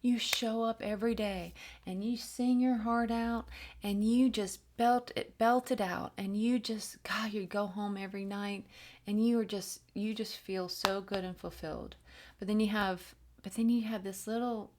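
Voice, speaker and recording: Gentle woman giving a spiritual reading. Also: mid-range voice, steady tone, unhurried, noisy background. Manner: gentle and encouraging, many fillers and restarts, drops to soft whispers. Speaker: channeled reader.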